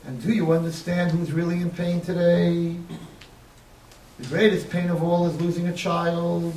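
A man's voice: high voice, flat delivery, normal speed, a little mellow, slight background noise. Impassioned preacher man in an echoey hall. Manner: impassioned, building to crying pleas. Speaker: rabbi. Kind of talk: sermon. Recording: echoey, distant mic, faint ambience.

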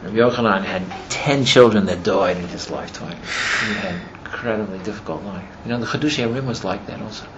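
A man teaching a class as he retells a story, rambling and filling his talk with "you know", and growing animated as the story builds. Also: on the low side, fairly quick, hardly any pauses. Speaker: religious teacher. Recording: muffled with steady background noise.

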